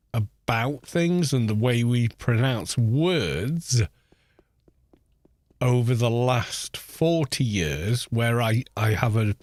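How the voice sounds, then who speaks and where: With a mid-range, slightly mellow voice and no echo, a British man in his forties chats casually while streaming a game. He tends to ramble and muse, restarting his thoughts frequently.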